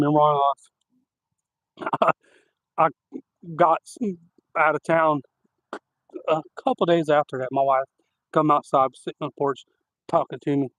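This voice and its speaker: A man telling rambling, animated stories on a live stream, outdoors at night. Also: on the high side, dry recording, poor audio. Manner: rambling, animated anecdotes with laughter. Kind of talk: casual outdoor storytelling.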